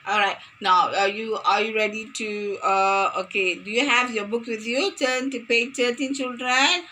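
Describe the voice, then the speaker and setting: A woman's voice: fairly high pitch, steady tone, normal speed, pushed and bright. A woman teaching a phonics lesson to young children, playful and sing-song, repeating words for them to copy.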